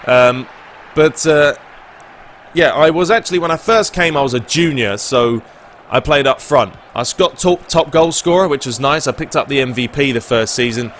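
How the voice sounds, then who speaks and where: A man's voice: mid-range voice, moderate pace, fairly bright tone, slight background noise. A young man with a London English accent answers viewer questions in a casual, laid-back chat over gameplay, with plenty of filler words. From England.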